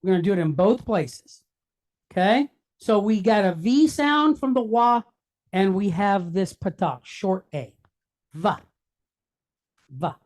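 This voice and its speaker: A man's voice: sits high, animated, unhurried, darkish tone. A man teaching a classroom lesson, patiently sounding words out syllable by syllable and checking in often with his students. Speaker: Hebrew teacher.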